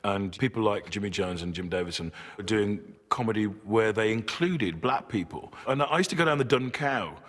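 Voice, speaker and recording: Husky man recalling, long hall reverb. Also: fairly low pitch, a bit bright. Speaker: comedian guest. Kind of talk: interview reminiscence.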